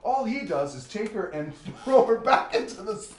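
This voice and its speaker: A man, a drummer guest, telling a wild anecdote in a laughing, animated way. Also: high-pitched, moderate pace. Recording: echoey room, faint noise.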